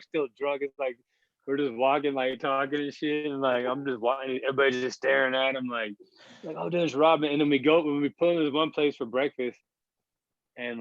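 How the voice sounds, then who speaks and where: A man's voice: mid-range voice, no echo. Podcast guest, thirties male, loose rambling anecdote delivery with swearing, dull dry recording. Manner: rambling, heavy filler words, profane. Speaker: podcast guest, basketball player. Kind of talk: casual storytelling.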